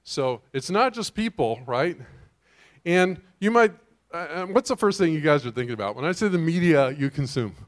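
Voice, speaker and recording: Chatty pastor with a higher voice. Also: male voice, lively intonation, normal speed. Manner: conversational, quizzes the congregation and uses frequent restarts. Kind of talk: sermon.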